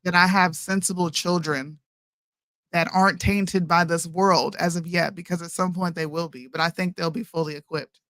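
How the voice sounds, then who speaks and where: A woman's voice: on the low side, steady tone, moderate pace, fairly bright tone, no room sound, clean studio sound. A woman in her thirties co-hosting a casual chat show, talking emphatically and calling people "bro". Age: 30s. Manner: emphatic, says "bro" a lot. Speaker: podcast co-host.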